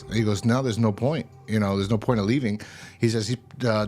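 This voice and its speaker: Man, low voice, rambling casual recap, loose paraphrased quotes, swears. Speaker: show host reviewing a TV episode.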